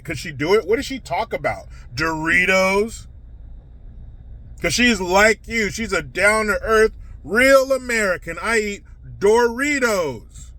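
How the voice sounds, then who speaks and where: A man delivers a sarcastic, scornful political rant from inside a car. His voice sits high and sounds bright and forceful, and the whole delivery is mocking. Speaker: political commentator.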